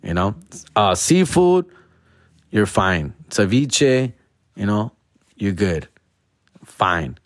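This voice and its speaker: Young dude rambling casual stories, slangy, dry close mic. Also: male voice, on the low side, very slow, pauses often, no echo. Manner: slangy, animated, swings into loud exaggerated whines. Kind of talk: casual storytelling monologue.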